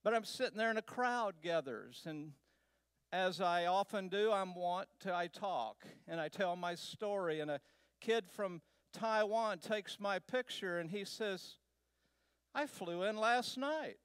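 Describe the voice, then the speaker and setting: A man from Texas, a guest speaker, telling a personal travel story to a church in a slow, unhurried way with pauses. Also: high-pitched, a bit bright, clean tone, no room sound. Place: church sanctuary.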